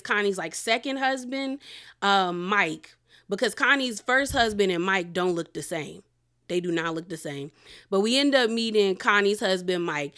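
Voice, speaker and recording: A woman recapping a documentary in a chatty, animated way, exclaiming and laughing as she goes. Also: medium pitch. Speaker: show reviewer. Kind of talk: casual recap.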